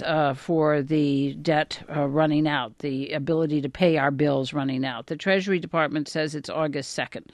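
An older woman giving measured political analysis on a radio news program, explaining with frequent pauses. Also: low-pitched, no room sound, clean studio sound. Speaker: political commentator.

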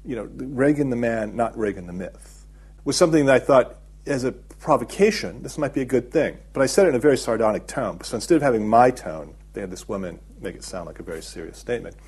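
A middle-aged man, a documentary filmmaker, giving a thoughtful interview and explaining his ideas with frequent pauses and fillers. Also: medium pitch, animated, darkish tone, slightly rough. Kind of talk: reflective interview talk.

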